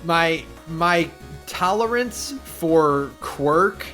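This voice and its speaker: Lively, bright-toned man, wry podcast co-host. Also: a little high, drawn-out words, faint music behind. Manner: laid-back, wry, agreeable. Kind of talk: casual chat.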